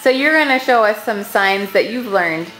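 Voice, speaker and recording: A woman's voice: mid-range voice, animated, moderate pace, fairly bright tone. A mother at home patiently coaxing her toddlers to sign, repeating simple words and praising each try.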